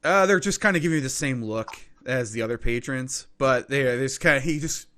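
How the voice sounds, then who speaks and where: A man's voice: mid-range voice, fairly quick, fairly bright tone. A man narrating a tabletop game as game master, in a loose, casual way.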